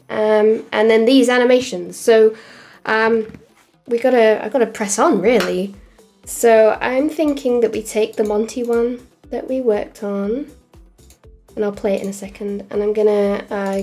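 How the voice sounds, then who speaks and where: An English woman whose accent blends Essex and the Midlands, talking in a slow, easygoing way during a casual livestream. Her voice sits a touch high, and she fills her pauses with ums as she works. Soft music plays faintly underneath. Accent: English, a mix of Essex and Midlands. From England. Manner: relaxed and hesitant, with frequent ums and trailing phrases. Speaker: animator streaming her work. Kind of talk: casual livestream chat while working.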